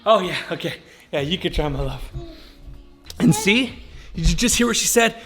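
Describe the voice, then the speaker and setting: A man with a high-pitched, lively voice coaches fitness in a casual home vlog, talking straight to viewers at a moderate pace and calling them "guys." His tone is upbeat and a bit bright, picked up by a camera set up nearby, with faint music in the background.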